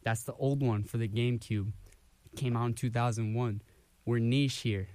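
A man's voice: mid-range voice, normal speed, dry recording. Young man, college radio host, winded and ranting, self-mocking, dry close mic. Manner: rambling, self-deprecating, animated rants. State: out of breath. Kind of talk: casual radio chat. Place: radio studio. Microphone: studio microphone.

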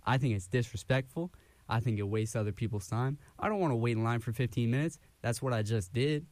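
A man's voice: medium pitch, fairly quick, darkish tone, no room sound. A young man hosting a college radio show, out of breath and rambling in self-deprecating rants. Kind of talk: casual radio chat. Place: radio studio. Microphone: studio microphone.

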